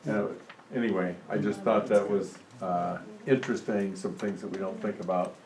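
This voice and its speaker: A man's voice: on the low side, fairly even intonation, normal speed, recorded from a distance, a crowd in the background. A man in a church group offering remarks, hesitant with fillers. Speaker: group member reading a letter. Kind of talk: casual remarks and reading aloud. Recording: echoey room, faint noise.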